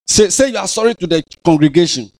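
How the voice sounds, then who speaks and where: A man's voice: high voice, quick pace, no room sound, clean studio sound. A man with a Ghanaian accent preaching a sermon as pastor in a church, scolding and teasing his congregation. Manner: animated, scolding, playful.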